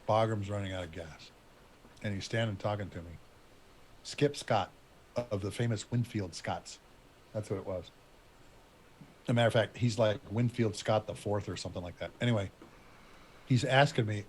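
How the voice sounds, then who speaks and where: A man's voice: on the low side, moderate pace, long pauses, slight background noise. A middle-aged man telling a war story about his military years in a casual, rambling way, stopping now and then to recall names. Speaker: retired Air Force officer telling a war story.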